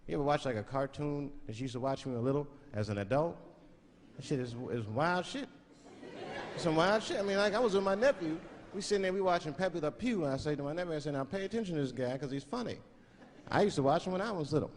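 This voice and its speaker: A man's voice: fairly high pitch, expressive, quick pace. A male stand-up comedian telling a profane story in a loose, rambling way, acting out quotes, recorded live on stage. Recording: live show with loud audience noise.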